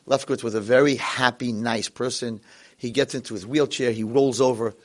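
A man's voice: medium pitch, fairly even intonation, brisk. Dramatic male storyteller. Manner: dramatic storyteller who acts out voices. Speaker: inspirational speaker. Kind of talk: sermon-like storytelling speech.

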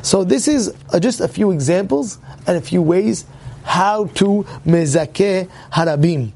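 A man's voice: sits high, animated, measured pace, gravelly, a little mellow. A man teaching a religious class to his congregation, emphatic, repeating himself and asking rhetorical questions.

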